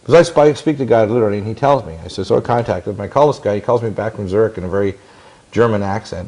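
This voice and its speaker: A man's voice: lowish voice, quick pace, a little mellow. A man in his sixties telling long stories in an interview, intense and rambling, with many restarts and quoted dialogue. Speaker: interview guest. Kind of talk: long-winded interview storytelling.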